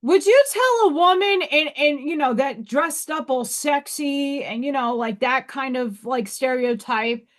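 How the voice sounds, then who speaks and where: A woman's voice: high voice, a little slow, hardly any pauses. A woman from New York hosting a casual livestream, talking frankly and emphatically to her viewers. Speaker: livestream host.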